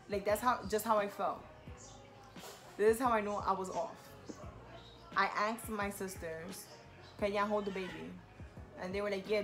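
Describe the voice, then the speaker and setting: A young woman telling a personal story in a casual, animated way. She talks in slang, fills her talk with "like", and voices the people in the story. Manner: animated, quotes herself and others with rising pitch; heavy use of "like", slangy. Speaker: vlogger.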